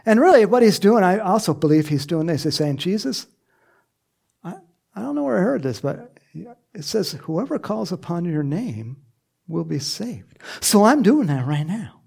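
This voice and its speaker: A man preaching a sermon in a lively way, acting out quoted voices and laughing often. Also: high-pitched, normal speed, creaky, breathy edge. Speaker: pastor.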